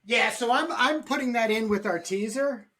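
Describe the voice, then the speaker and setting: Bright-voiced man hosting a podcast. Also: very high voice, a little hiss or hum. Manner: rambling, quick, many restarts. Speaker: podcast host. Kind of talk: casual chat.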